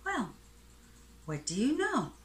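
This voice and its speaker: A woman voicing a big, sorry male elephant in a storybook read-aloud, pleading and excitable. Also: fairly high pitch, slow, voice pushed up, exaggerated voice. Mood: amazed. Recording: echoey room.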